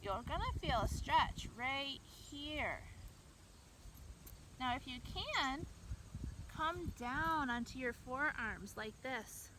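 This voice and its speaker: A woman with a high voice guides children through yoga poses in an unhurried, encouraging way. She stands well away from the camera outdoors, so her voice sounds distant. Clear outdoor noise sits behind her. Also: expressive. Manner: gentle, encouraging, talks to kids directly. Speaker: kids' yoga teacher. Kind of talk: guiding a children's yoga class. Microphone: camera mic from far away.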